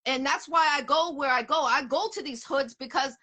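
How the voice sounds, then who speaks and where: A woman's voice: high-pitched, moderate pace, pushed and bright. A woman from the area, hosting an interview in blunt, profane, emphatic casual talk. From Boston area, USA. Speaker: interview host.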